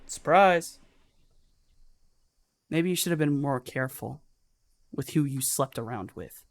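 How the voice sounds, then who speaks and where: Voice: mid-range voice, animated, a little slow, no room sound. A game master voicing a cold, cruel man who mocks his brother in a sober, unslurred tone.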